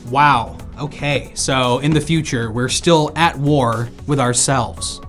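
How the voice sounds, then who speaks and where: A man hosting a live improv comedy show, playing a goofy time-traveling reporter in an animated way. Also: medium pitch, slow pace, faint music behind.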